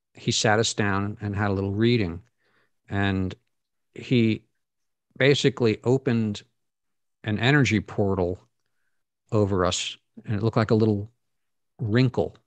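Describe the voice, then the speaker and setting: A man's voice: lowish voice, no echo. A middle-aged man, a guest in a casual conversation, telling personal stories in an earnest, rambling way. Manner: earnest, storytelling, rambling asides.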